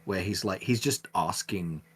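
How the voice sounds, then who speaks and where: Casting: low, husky-voiced man, casual podcast guest who rambles and restarts a lot. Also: a little slow. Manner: rambling, many fillers and restarts.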